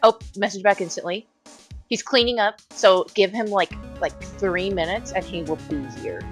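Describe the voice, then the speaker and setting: A woman's voice: mid-range voice, moderate pace, soft background music. A woman co-streaming a game, talking in a rambling way with laughs between phrases. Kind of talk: casual game stream chat.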